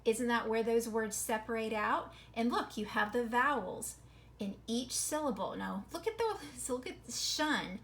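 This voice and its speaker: A woman teacher giving a recorded reading lesson to children, sounding out words slowly and asking the class lots of tag questions. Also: a little high, a bit bright.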